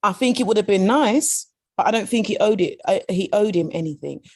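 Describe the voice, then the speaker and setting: A woman's voice: mid-range voice, animated, a little fast, no room sound, clean studio sound. A British woman co-hosting a podcast, chatting frankly and casually, often repeating herself as she talks. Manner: frank, repeats words, lots of filler phrases. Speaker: podcast co-host. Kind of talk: casual chat.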